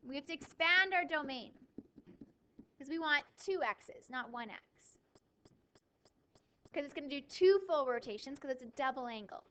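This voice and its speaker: A woman teaching a math class, lively, asking questions and answering them herself, with a touch of dry sarcasm. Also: sits high. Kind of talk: classroom lecture.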